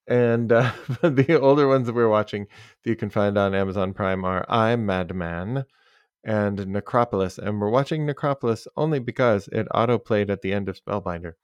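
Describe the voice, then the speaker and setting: Low smooth-voiced guy, dry jokes, podcast host. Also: moderate pace, dry recording. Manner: dry, wry humor. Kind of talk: casual chat.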